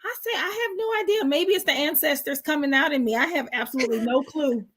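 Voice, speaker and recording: A woman's voice: high voice, fast, fairly bright tone. A middle-aged woman from South Florida with a Southern drawl, co-hosting a casual chat, laughing often and speeding up when passionate. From South Florida, USA. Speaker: co-host.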